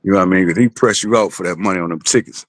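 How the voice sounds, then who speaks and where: Fast-talking blunt man, profane storyteller. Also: low voice, dry recording. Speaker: boxer's father. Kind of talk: casual podcast chat.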